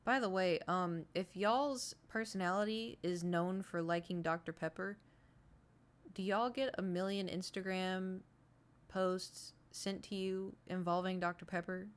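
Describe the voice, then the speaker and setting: A woman's voice: fairly low pitch, fairly even intonation, measured pace, clear, resonant tone. A woman streaming live, chatting casually and rambling straight to her viewers.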